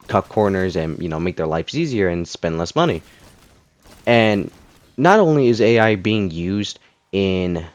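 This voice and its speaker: A man with a fairly low voice delivers a casual rant about games. He rambles, restarts his sentences and fills gaps with lots of fillers. The sound is dry and close, with almost no room echo. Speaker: gaming commentator.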